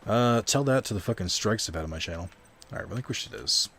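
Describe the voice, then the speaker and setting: A young man chatting loosely over a card video game stream, voice sitting a bit low. He rambles and pokes fun at himself, dropping the odd swear word. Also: expressive, fast talker, fairly bright tone, a little hiss or hum. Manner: rambling, self-deprecating, swears casually. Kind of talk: casual gaming stream commentary.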